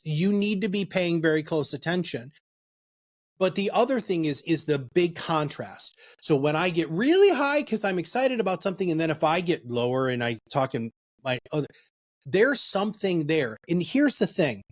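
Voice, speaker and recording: A middle-aged man, a guest author and speaker, explaining listening skills in an animated, emphatic way with big swings in pitch and pace. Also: normal speed, dry recording.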